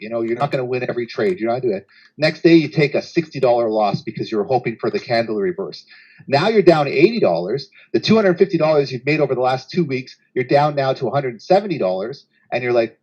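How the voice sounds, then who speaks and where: A man hosting a trading livestream, telling a story in a casual, animated way and acting out a trader's inner voice. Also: medium pitch, husky, muffled recording.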